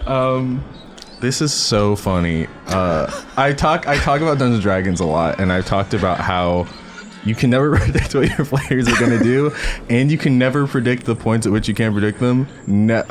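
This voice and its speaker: A man's voice: medium pitch, lively intonation, normal speed, background noise. A man narrating and explaining rules as dungeon master of a tabletop game, amused and full of ums.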